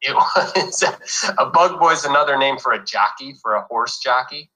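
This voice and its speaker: A young man from New York talks through his career in an easygoing interview manner, his sentences looping back with fillers and restarts. His voice sounds bright and forward, sitting at an ordinary male pitch. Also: animated, moderate pace, rough recording. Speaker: actor guest. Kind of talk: casual interview chat.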